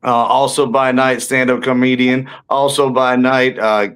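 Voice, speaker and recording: A man's voice of medium pitch, a working comedian and actor telling an interviewer loose, funny stories about a film set. His talk wanders, with plenty of "uh" and restarted sentences as he builds each joke. He sounds casual and self-mocking throughout. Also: level tone, measured pace, a bit bright, smooth. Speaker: guest actor and stand-up comedian. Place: indoors, tucked in somewhere warm.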